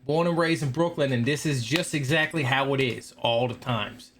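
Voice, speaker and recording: A man's voice: mid-range voice, normal speed, a bit bright, slight background noise. A man co-hosting a group stream, bantering and telling stories with a joking manner. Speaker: stream co-host. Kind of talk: casual group chat on stream.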